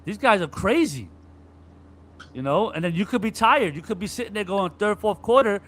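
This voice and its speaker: Bright-voiced man in animated sports chat. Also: sits high, fast talker. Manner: animated, acts out players' griping with profanity. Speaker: podcast co-host.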